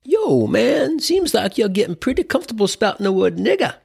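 A man's voice: high voice, sing-song, a little fast, gravelly, darkish tone, husky, pitched above the performer's own voice, heavily acted. Brief: man playing a cocky, ribbing actor, voice jumps way up, lots of swing. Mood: teasing. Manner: needling, slangy. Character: teasing male actor, cocky and playful.

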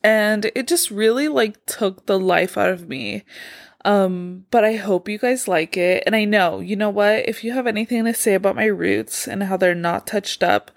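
Young woman, podcast host, chatty and scattered, worn out and short of breath. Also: mid-range voice. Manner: rambling, filler-heavy, self-deprecating. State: tired and out of breath. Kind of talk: casual solo podcast chat.

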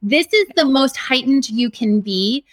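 A woman co-hosting a casual conversation, responding with quick empathetic reactions. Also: high voice, animated, no room sound.

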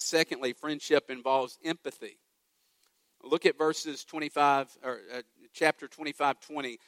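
A man's voice: fairly high pitch, fairly bright tone, no room sound. A man preaching a sermon as pastor, emphatic, with repeated lines and rhetorical questions.

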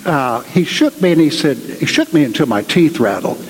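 Preaching as a guest speaker in a large cathedral, a man retells a story in a conversational way with many asides, under long reverb. His slightly rough voice is on the high side and expressive, at a moderate pace.

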